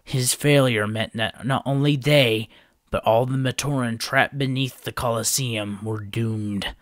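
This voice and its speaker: A man reads a fantasy storybook aloud in steady, even narration at a mid pitch. The recording is dry and close, with no room sound. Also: unhurried, no echo. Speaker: audiobook narrator.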